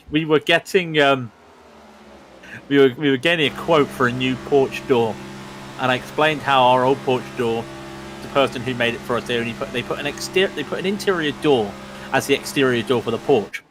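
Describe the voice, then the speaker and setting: A man's voice: medium pitch, normal speed, a little hiss or hum. A man from the West Country with a West Country English accent, chatting casually as co-commentator on a sim race broadcast. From West Country, England. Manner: chatty, animated storyteller.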